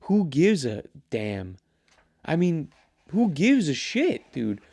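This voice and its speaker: A young man hosting his own show, rambling and swearing in a casual, animated rant. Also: fairly high pitch, slow pace, creaky. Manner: rambling, profane, animated ranting. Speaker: show host. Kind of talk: casual solo commentary.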